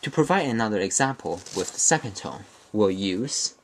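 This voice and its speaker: A man teaching a beginner language lesson, explaining step by step in a deliberate, methodical way and often restating or correcting himself mid-phrase. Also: on the low side, animated, slight background noise. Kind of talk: slow explanatory lesson narration.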